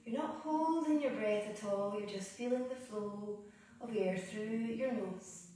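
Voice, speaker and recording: A woman guiding a yoga and breathing practice, speaking slowly and soothingly with long pauses between cues. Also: medium pitch, slight background noise. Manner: slow, calm, soothing guidance with long pauses. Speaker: yoga teacher. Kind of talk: guided yoga and breathing instruction. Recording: roomy echo, voice from a distance.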